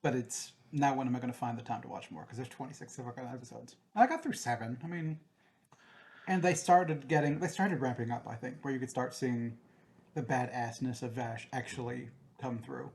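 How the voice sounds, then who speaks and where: A man in his thirties co-hosting a casual podcast about an anime, excitable and profane, often acting out lines in quotes. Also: medium pitch, a little fast. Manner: excitable, heavy swearing, acts out quotes. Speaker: podcast co-host. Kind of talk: casual chat.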